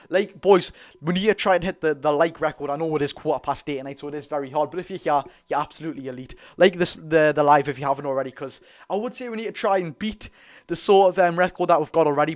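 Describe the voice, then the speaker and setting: A man with a Geordie accent giving excited, rapid live football commentary as host of a fan watch-along, cheering his side on. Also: a little high. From North East England. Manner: talks very fast; animated, cheers players on.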